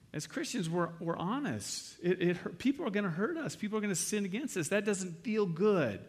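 A middle-aged male pastor delivering a sermon in a loose, conversational way, slipping into playful acted-out exchanges. His voice sits a little higher than most men's. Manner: conversational, acts out quoted exchanges with humor.

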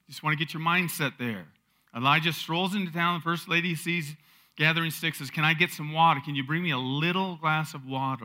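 A man preaching a conversational sermon, retelling a Bible story with rhetorical questions and sudden swells of emphasis. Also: fairly high pitch. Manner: drops soft for tender lines. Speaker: pastor.

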